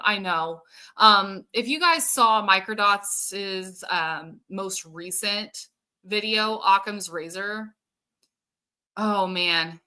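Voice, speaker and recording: A woman's voice: medium pitch, sharp tone, smooth. A woman hosting a casual livestream, chatting and answering viewer comments while thinking aloud with plenty of fillers. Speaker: show host.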